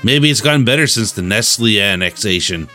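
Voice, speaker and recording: A man reads fan fiction aloud for a podcast, his voice low-pitched but bright and sharp. He keeps the reading plain and slips in dry asides. Faint music sits behind him. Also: expressive, a little fast.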